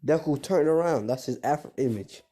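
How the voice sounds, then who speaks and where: Guy making up a fan story as he goes, keeps correcting himself, dark mellow voice. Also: on the high side, fairly quick. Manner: rambling, self-correcting, slangy. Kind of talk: improvised fan-fiction storytelling.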